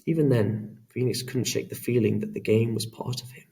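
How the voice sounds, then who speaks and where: A man reading an audiobook in a measured, dramatic storytelling manner. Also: mid-range voice, gravelly, warm tone, far from the mic. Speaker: audiobook narrator. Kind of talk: scripted narration.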